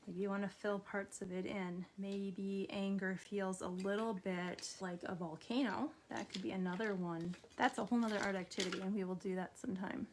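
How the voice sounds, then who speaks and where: Gentle, encouraging woman art therapist. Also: mid-range voice, steady tone, normal speed, hardly any pauses, a little hiss or hum. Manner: gentle, encouraging, talks directly to viewers while drawing. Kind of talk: instructional art therapy video.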